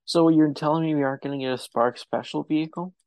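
A man's voice: on the high side, fairly even intonation, quick pace, a little mellow, no echo, highs cut off. A man hosting a podcast in a casual chat, with a wry, offhand sense of humor. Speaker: podcast host.

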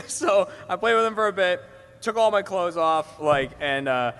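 A man's voice: sits high, lively intonation, a little slow, fairly bright tone, clear, resonant tone. A man telling a hesitant, filler-heavy story as co-host at a live podcast. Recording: live hall with reverb and faint hiss.

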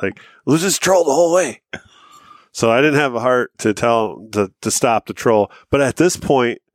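A man's voice: on the low side, no echo, clean studio sound. A man co-hosting a podcast, telling a rambling story in casual chat, acting out what people said and swearing casually. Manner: rambling anecdotes, acts out quoted lines, swears casually. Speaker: podcast co-host.

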